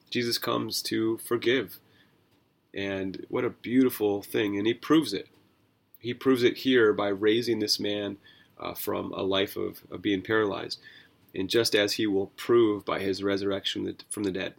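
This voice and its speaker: A man's voice: fairly low pitch, steady tone, moderate pace, gravelly. A man hosting a devotional Bible podcast, talking in an earnest, conversational way with asides and self-corrections. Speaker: podcast host.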